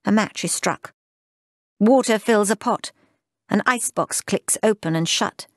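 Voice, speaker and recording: A woman narrating a literary audiobook in a measured, lyrical, unhurried way. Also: mid-range voice, dry recording, studio quality.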